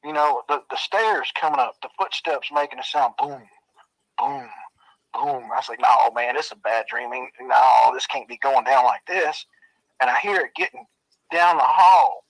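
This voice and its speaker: A man's voice: mid-range voice, moderate pace, no echo, rough recording. A man telling a spooky childhood story in a casual, drawling way, swearing and making sound effects. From Arkansas.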